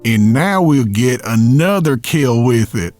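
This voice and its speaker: A man's voice: medium pitch, lively intonation, slow pace, a little mellow, no echo, soft background music. A man voicing a smug young male killer with a swaggering drawl, in a horror story reading.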